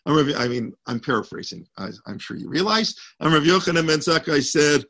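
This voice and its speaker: Gravelly man teaching a Torah class. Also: mid-range voice, a little fast, fairly bright tone. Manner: rambling, restarts, quotes Hebrew texts.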